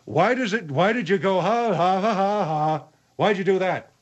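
A man doing blustery General, short fuse, raised pitch, muffled recording. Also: animated, a little fast, breathy edge. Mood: blustering. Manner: blustery, insists on handling things.

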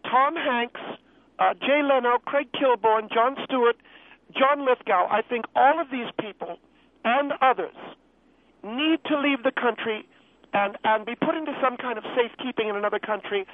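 A man voicing a pompous, wealthy, middle-aged stage mother who calls in to a radio show, haughty and quick to take offense. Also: very high voice, no room sound, pitched above the performer's own voice. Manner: haughty, self-important, easily offended. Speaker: radio call-in guest. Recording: tinny phone line.

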